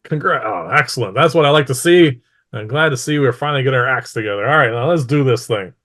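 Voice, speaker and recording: A man voicing a cold, scheming female ruler who threatens her townsfolk in a slow, deliberate way, during a tabletop game. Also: mid-range voice, expressive, a bit bright, lightly acted. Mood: pleased. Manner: smug, menacing, slow and deliberate.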